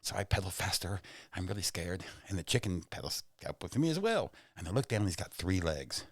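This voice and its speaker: Very deep-voiced man telling rambling stories. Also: brisk, no echo, studio quality. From Oklahoma, USA. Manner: animated, rambling, self-mocking. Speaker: guest, stand-up comedian. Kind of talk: casual storytelling and joke-telling. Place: podcast studio.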